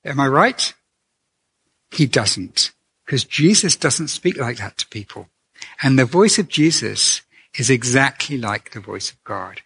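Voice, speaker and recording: A man giving a conversational sermon as a preacher, earnest and gentle, asking his listeners questions. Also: mid-range voice, sing-song, a little slow, gravelly, slightly rough.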